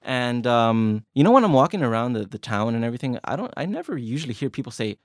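A man's voice: medium pitch, sing-song, quick pace, dry recording, clean studio sound. A man hosting a casual language lesson podcast, chatty and joking, often restarting his phrases. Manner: chatty, self-correcting, joking. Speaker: podcast host.

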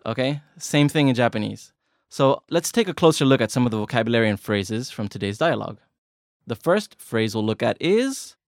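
A man's voice: mid-range voice, lively intonation, brisk, no echo, studio quality. A man hosting a casual language lesson podcast, chatty and joking, often restarting his phrases. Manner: chatty, self-correcting, joking. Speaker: podcast host.

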